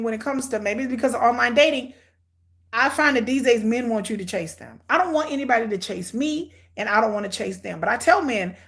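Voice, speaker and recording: Woman, high-pitched, middle-aged, blunt, sarcastic, animated, casual watch-along commentary. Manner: hyperactive and energetic. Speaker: reality TV commentator.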